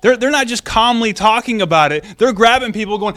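A male pastor with a high voice gives a relaxed, animated sermon. He reads scripture, prays, and talks through the story conversationally, often restarting his phrases. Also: brisk, few pauses. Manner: casual, animated teaching with restarts.

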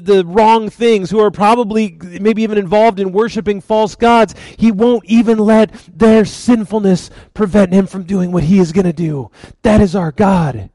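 A man preaching a sermon, retelling a story in a lively, conversational way. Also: sits high, dry recording, rough recording. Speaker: pastor.

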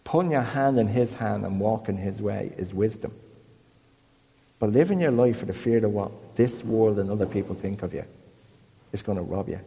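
A man leading an informal Bible talk for a small group, chatty and self-deprecating, growing more animated as he goes. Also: fairly low pitch, moderate pace, long reverb tail. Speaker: church group leader.

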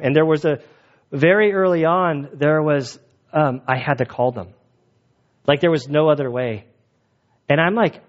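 Male pastor, relaxed joking sermon delivery in a church; a touch high-pitched, muffled sound. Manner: casual, joking, conversational. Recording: dull lo-fi sound.

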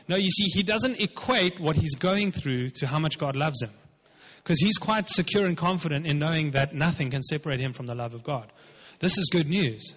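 A man's voice: fairly high pitch, normal speed, a bit bright, breathy edge. A man preaching a sermon as pastor, emphatic and conversational, acting out quotes. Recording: dull, lo-fi with long hall reverb.

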